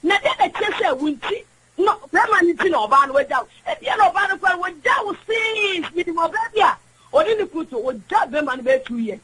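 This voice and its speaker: Heard on a low-quality recording, a woman caller offers her opinion on a radio show with passionate emphasis, weaving English into what she says. Her very high voice has lively intonation, a fairly bright tone, and a brisk pace.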